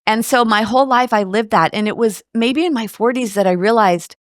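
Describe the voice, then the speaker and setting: A woman's voice: fairly high pitch, a little fast, few pauses, no room sound, clean studio sound. A woman in her late fifties from the United States, chatting animatedly as an interview guest and telling stories with rhetorical asides. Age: 50s. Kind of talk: casual interview conversation.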